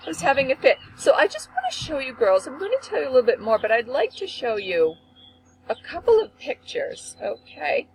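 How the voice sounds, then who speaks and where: A woman hosting a faith talk show, telling a family story in an animated, expressive way. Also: a little fast, gravelly, slight background noise, rough recording. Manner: expressive, acts out quotes with big pitch swings. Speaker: host.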